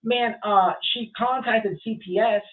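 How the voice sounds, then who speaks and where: Unhurried and high-voiced, with fairly even intonation, a man hosts a casual livestream and reacts to chat. His talk is blunt, profane and rambling, packed with fillers and restarts, over tinny phone-like audio.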